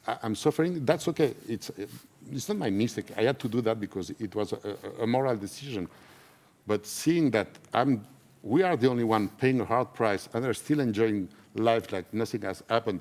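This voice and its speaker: A man who speaks natively, talking in an emotional conference interview, earnest and halting, often repeating himself. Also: on the low side, darkish tone. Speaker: interviewee, whistleblower. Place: conference stage.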